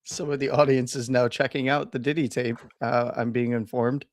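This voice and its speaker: A man's voice: mid-range voice, little pitch movement, normal speed, dry recording, clean studio sound. A man co-hosting a casual show, laughing often as he banters. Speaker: co-host.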